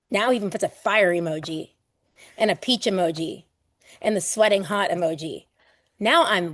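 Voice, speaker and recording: A woman's voice: on the high side, dry recording, clean studio sound. A woman running a live online exam prep class in a loose, playful way. She acts out everyday examples and swears casually.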